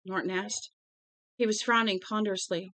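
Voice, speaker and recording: A woman's voice: medium pitch, steady tone, moderate pace, fairly bright tone, dry recording. A woman casually reading a novel aloud at home, now and then stumbling over words and correcting herself. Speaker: storybook reader.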